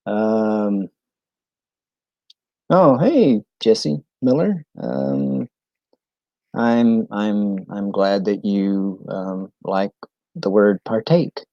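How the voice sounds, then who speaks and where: A man from New England chatting casually on a live stream, halting and full of ums and restarts. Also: lowish voice, lively intonation, no echo, dull audio.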